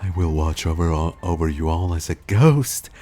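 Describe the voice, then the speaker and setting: Eerie young male anthropologist, calm and solemn, lively pitch swings, read aloud by a man. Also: faint music behind. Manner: slow, solemn reading of game dialogue.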